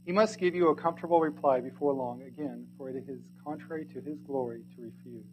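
A man reading a sermon aloud in archaic English, earnest and pleading, swinging from loud to hushed. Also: medium pitch, a little fast, background noise.

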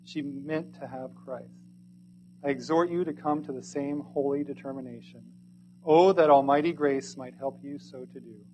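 A man reading a sermon aloud in archaic English, earnest and pleading, swinging from loud to hushed. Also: mid-range voice, moderate pace, a little hiss or hum, low-quality recording.

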